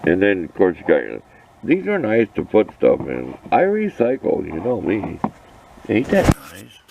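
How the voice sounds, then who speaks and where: A man's voice: lowish voice, wildly swooping pitch, measured pace, vocal fry, darkish tone, dull audio, a little hiss or hum. An older man vlogging outdoors by his shop, talking to the camera in a folksy, rambling way, sometimes answering himself. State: out of breath. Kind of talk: casual outdoor chat to camera.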